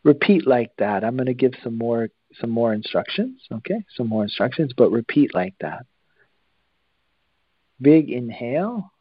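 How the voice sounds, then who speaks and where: Slow gravelly guy walking people through breathing, kinda dull lo-fi sound. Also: medium pitch, dry recording. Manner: slow, calm, instructive with long pauses. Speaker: breathing teacher. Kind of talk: guided breathing exercise.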